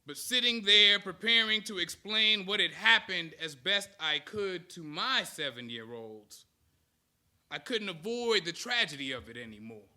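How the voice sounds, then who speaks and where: A man's voice: high voice, lively intonation, unhurried, sharp tone. A man in his thirties giving a motivational speech to an audience, rousing them with call-and-response chants. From United States. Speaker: speaker.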